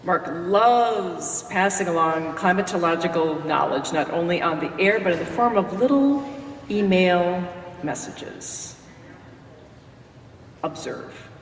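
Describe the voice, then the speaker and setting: A woman's voice: fairly low pitch, expressive, takes it slowly. A woman who hosts a radio morning show gives a folksy, joking tribute speech at a podium in a lecture hall. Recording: echoey hall from far off.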